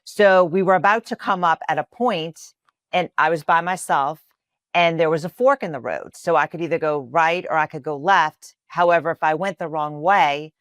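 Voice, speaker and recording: A woman's voice: low voice, fairly bright tone, no room sound, clean studio sound. A woman from New Orleans whose first language is Spanish, telling an earnest personal faith story as a podcast guest, with many fillers. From New Orleans, USA.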